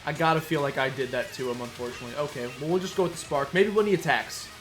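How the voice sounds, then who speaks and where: A man's voice: a little high, fast, fairly bright tone. A man giving casual, playful commentary while playing a video game, chatting and muttering asides. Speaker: let's play streamer. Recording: faint game music behind.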